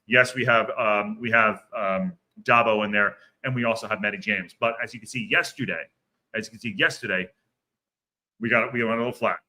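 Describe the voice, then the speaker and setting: Man, podcast host, bright forceful voice, rambling casual chat, repeats himself, reads viewer comments. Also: on the low side, steady tone, brisk. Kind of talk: casual livestream football chat.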